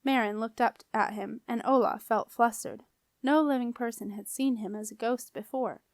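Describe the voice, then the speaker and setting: A woman reads a children's novel aloud in a calm, clear and expressive way. Her voice sits fairly high and the recording is close and dry, with no room around it. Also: moderate pace, dry recording. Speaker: audiobook reader. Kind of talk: storybook narration.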